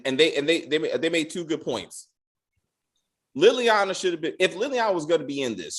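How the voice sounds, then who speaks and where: A podcast host tears into a TV episode in a loose, profane rant. The voice sits at a middle pitch but swings widely and lively, and the host keeps slipping into quick acted-out lines from the characters. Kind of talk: casual spoiler rant.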